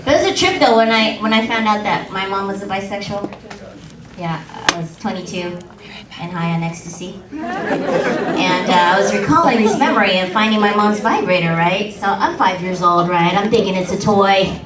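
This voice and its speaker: A woman from the Philippines with a high, squeaky voice, doing a bawdy, playful stand-up set on a comedy club stage. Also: normal speed, far from the mic, very noisy. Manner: bawdy, playful, crowd-teasing. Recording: echoey club recorded from afar, crowd laughter.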